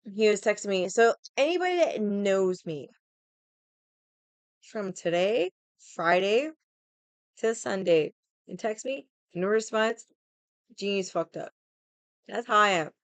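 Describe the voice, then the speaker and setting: A young adult woman with a medium-pitched, clear and resonant voice rants casually to her stream, speaking slowly and pausing often. She's animated and exasperated, swearing a lot and mocking others in quoted voices. The recording has no echo.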